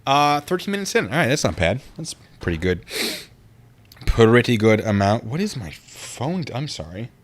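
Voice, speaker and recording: A man's voice: medium pitch, sing-song, moderate pace. A man hosting a casual livestream, rambling and easily distracted as he reads out and answers chat comments.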